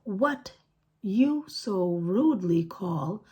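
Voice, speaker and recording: A fussy spider lady with a squeaky, indignant, proper way of speaking, as a woman reading a storybook puts her on. Her high squeak still carries a slightly husky edge. She sounds like she is scolding from a storybook page. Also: animated, drawn-out words, darkish tone, heavily acted. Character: fussy, prim female attic spider.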